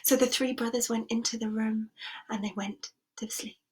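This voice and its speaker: A woman's voice: fairly high pitch, steady tone, moderate pace, slightly rough. A woman storyteller telling a sensory story expressively, dropping into whispers and inviting listeners to join in.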